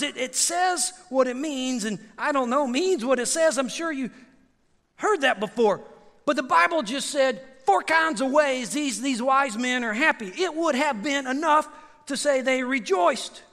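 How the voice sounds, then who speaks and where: A man preaching a sermon, animated and conversational, repeating phrases and swinging from loud emphasis to hushed asides. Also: very high-pitched, a little slow. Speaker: pastor. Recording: long hall reverb.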